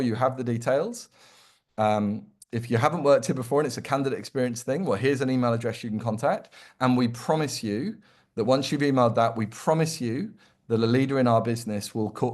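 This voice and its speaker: A man, a consultant guest in an interview, answering at length in a lively, emphatic way and acting out quoted lines. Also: mid-range voice. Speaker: employer brand consultant, guest.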